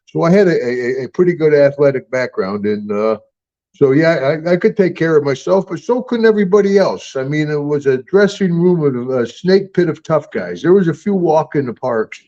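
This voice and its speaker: A man's voice: on the high side, animated, moderate pace, mellow, highs cut off. An older man telling rambling, folksy stories with frequent chuckles in a casual interview. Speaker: guest and star of the show.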